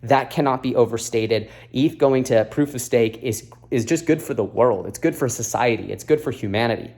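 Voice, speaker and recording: A man's voice: mid-range voice, moderate pace, creaky, a little mellow. Breathless man giving a blunt update. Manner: earnest, lecturing, blunt advice with many fillers. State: out of breath, sweaty after a workout. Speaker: crypto video host. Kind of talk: casual straight-to-camera update. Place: beside an exercise machine.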